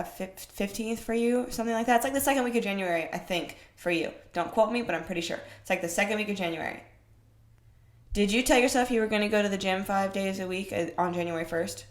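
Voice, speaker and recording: Young woman trainer ranting on her podcast, swears a lot, keeps firing questions at you, echoey room. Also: medium pitch. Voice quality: blunt, profane, emphatic. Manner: rhetorical questions, animated swings in loudness. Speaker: fitness podcast host, personal trainer. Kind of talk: casual monologue. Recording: roomy echo.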